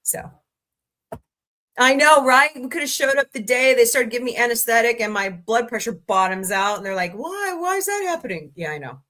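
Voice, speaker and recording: A woman hosting a casual livestream, greeting viewers by name and listing her channels, tired and low on energy today. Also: normal speed, sharp tone. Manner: chatty, greets viewers by name, rattles off lists. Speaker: livestream host.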